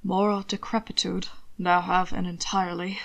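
A woman voicing a possessive, arrogant male lover in a low, murmuring tone for a read-aloud story. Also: little pitch movement, normal speed, gravelly. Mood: tender.

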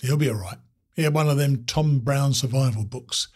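A man voicing a wry, easygoing male trail veteran who jokes with a dry, teasing humor in a husky voice. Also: medium pitch, moderate pace, darkish tone, natural voice. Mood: wry, joking.

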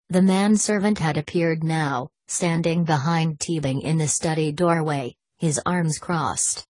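Low-voiced woman reading a novel aloud, kinda husky, dry close sound. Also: a little slow, hardly any pauses, darkish tone, dry recording. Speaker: audiobook narrator. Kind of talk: audiobook reading.

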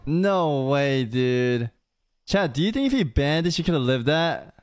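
A man's voice: on the high side, big pitch swings, a little slow, clean tone, soft background music. A young man streaming casually, reacting to a clip in a laid-back, teasing way. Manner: laid-back, says "dude" a lot, teasing.

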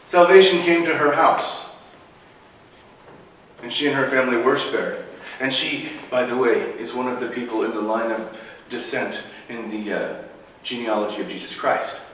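A man's voice: mid-range voice, moderate pace, fairly bright tone, muffled recording, slight background noise. A man preaching a sermon in a church, in a conversational way with casual asides. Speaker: priest. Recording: echoey church recording from far off.

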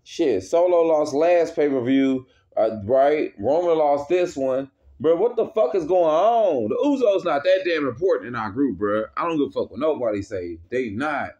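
A man's voice: mid-range voice, expressive, normal speed, a little mellow. A man angrily ranting as a wrestling fan, heavy with profanity and worked up. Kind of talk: casual rant. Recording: dull lo-fi recording.

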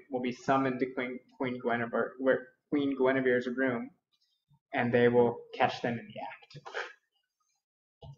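A man telling an old legend spontaneously, reflective and unhurried, thinking aloud. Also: medium pitch, a little hiss or hum. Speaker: storyteller. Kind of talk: spontaneous oral storytelling. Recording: roomy, dull lo-fi recording.

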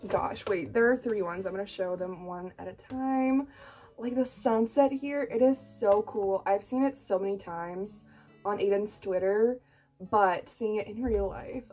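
A young woman in her twenties vlogging an unboxing, gushing and excitable, full of "like" and casual swearing. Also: mid-range voice, a little slow, faint music behind. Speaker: book vlogger and author.

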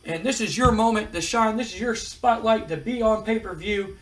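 A man voicing a cocky male wrestling champion who loudly taunts the fans and boasts. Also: high voice, moderate pace, far from the mic, voice pushed up, lightly acted, low-quality recording. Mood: boastful. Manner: loud, boastful, insulting.

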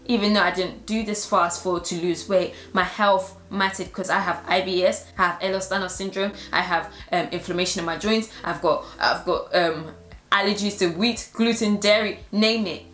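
Woman, Christian influencer, heartfelt testimony vlog, mid-pitched voice, roomy echo. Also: a bit bright. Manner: earnest and heartfelt.

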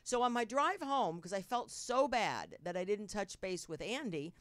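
A woman's voice: medium pitch, expressive, normal speed, no echo. A woman from New Jersey with a Jersey accent, hosting a podcast in casual, rambling chat and laughing often. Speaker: podcast host. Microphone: studio mic.

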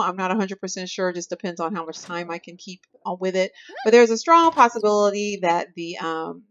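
A woman's voice: medium pitch, dull audio. A young woman chatting casually as she plays a life-simulation game, laughing often and playfully voicing the characters. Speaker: let's-play host. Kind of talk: casual gameplay commentary.

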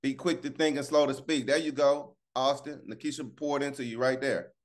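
A man hosting a morning devotional over a video call, speaking with upbeat, preacher-like energy. He calls out to listeners by name and pushes them to share. His voice sits at an ordinary middle pitch. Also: fairly even intonation, moderate pace. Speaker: morning show host.

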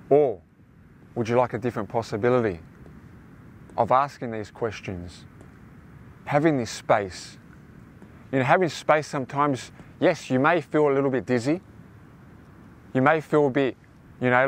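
A man's voice: mid-range voice, a little hiss or hum. A young man hosting a motivational self-help talk, rambling and repeating himself as he addresses listeners as his friends. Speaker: host.

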